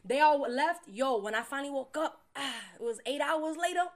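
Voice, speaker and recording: A young adult woman co-hosting a podcast, telling a story in casual chat, animated and profane, acting out quotes loudly. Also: high-pitched, a little fast, hardly any pauses. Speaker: podcast co-host.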